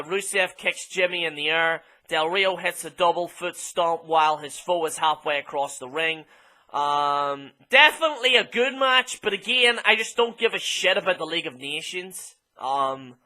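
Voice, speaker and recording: An Irish man gives a casual, profane wrestling recap, blunt and full of ums. His voice sits high for a man and comes across very bright and sharp. The talk is loose and unscripted. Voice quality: blunt, sweary, filler-heavy with many ums. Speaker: wrestling show reviewer.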